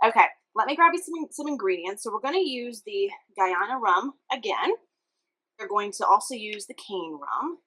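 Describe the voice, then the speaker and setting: A young woman from Louisiana with a clear, bright voice hosts a relaxed cocktail-making show. She chats cheerfully to the viewer while she works. She sounds like she is in a home kitchen. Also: mid-range voice, moderate pace, poor audio. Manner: chatty and upbeat, talking to the viewer while mixing. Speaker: cooking show host. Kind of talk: casual cocktail demonstration.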